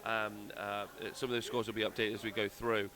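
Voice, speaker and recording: A man's voice: fairly low pitch, flat delivery, a little fast, pushed and bright. A man hosting a live stream, chatting casually and joking in a rambling, teasing way. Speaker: stream host and commentator.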